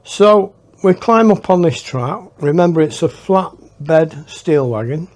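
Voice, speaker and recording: A man telling a personal adventure story in a casual, unhurried way, with pauses and hushed asides. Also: on the high side, expressive. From England. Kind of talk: casual spoken anecdote.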